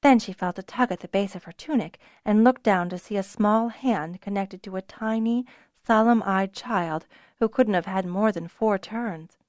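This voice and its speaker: Brief: woman narrator for a fantasy audiobook, even and clear, dry studio sound. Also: medium pitch, normal speed, dry recording. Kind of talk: scripted narration.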